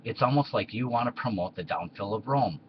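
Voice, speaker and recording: A man's voice: fairly low pitch, animated, a little fast, dull audio, slight background noise. A man voicing Tiberius as a blunt, practical Roman ruler in a comedy skit.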